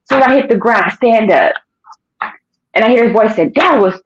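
Animated woman telling a faith story. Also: a little high, moderate pace. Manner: animated storytelling, acting out quotes. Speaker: podcast guest. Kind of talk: casual testimony. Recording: dull lo-fi sound.

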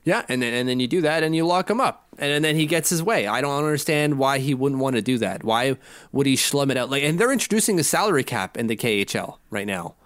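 A man co-hosting a casual sports podcast, chatty and quick to laugh. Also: mid-range voice, expressive, a bit bright, no room sound. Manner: chatty, laughs easily, quizzing his co-host. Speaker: podcast co-host.

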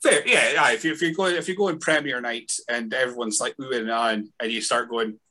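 A man hosting a podcast, chatting casually in a halting way, repeating words, with dry humour. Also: medium pitch, pushed and bright. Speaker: podcast host. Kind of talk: casual chat.

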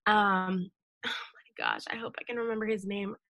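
A young American woman speaks as a podcast guest, sharing a heartfelt memory in an earnest, emotional way. Her voice sits in a middle pitch and is recorded dry and close, with no room sound. She talks casually, with many fillers and restarts. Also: wildly swooping pitch, moderate pace, creaky, pushed and bright, dry recording. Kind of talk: casual interview conversation.

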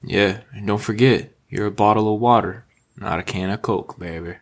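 Laid-back low-voiced joking man. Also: fairly even intonation, normal speed. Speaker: podcast co-host. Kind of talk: casual podcast chat.

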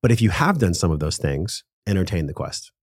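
A man with a low, deep voice speaks as a podcast guest, sharing a personal story with earnest emotion and loose, casual language. The sound is dry and close, as if right on a studio mic with no room around it. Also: sing-song, a little fast, slightly rough, dry recording.

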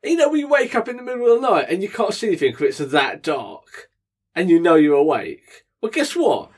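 Sitting high and moving fairly quickly, a young man's voice carries a casual podcast he co-hosts. He's jokey, bursts into laughter often, and talks with a lively delivery.

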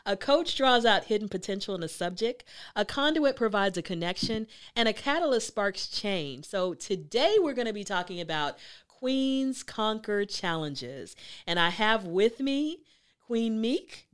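A woman hosting a motivational talk, telling a story in a chatty, emphatic, animated way. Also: medium pitch, measured pace, clean tone. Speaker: host.

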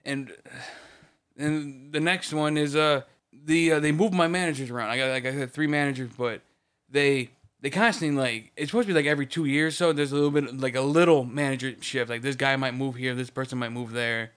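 A man's voice: mid-range voice, steady tone, brisk, a bit bright, clear, resonant tone. A man in his thirties ranting heatedly in casual podcast chat, swearing often. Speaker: podcast co-host.

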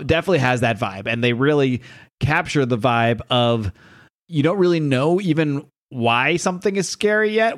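A man co-hosting a podcast, discussing a comic in a rambling, hesitant but enthusiastic way. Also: medium pitch. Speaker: podcast co-host.

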